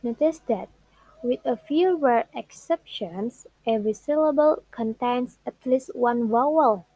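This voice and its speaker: Speaking haltingly and carefully, a young Indonesian-speaking student gives a classroom presentation on English word stress, drawing out the words she uses as examples. Her voice is a little high with a dark tone, on a low-quality recording with no echo.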